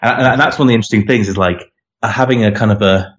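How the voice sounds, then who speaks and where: A man's voice: on the low side, fast talker, dull audio. A man being interviewed as a game developer, talking casually and rambling with lots of "you know" and restarts.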